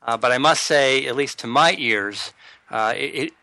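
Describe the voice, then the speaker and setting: A man's voice: medium pitch, moderate pace, pushed and bright, no room sound. A man co-hosting a talk radio show, dry and sarcastic, with frequent hesitations. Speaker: radio co-host.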